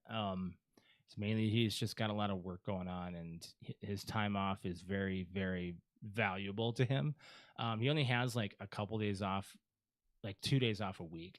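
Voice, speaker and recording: A man's voice: on the low side, a bit bright, dry recording. Chatty male podcast host, dry sound. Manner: chatty, rambling plugs with fillers. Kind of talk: casual podcast outro.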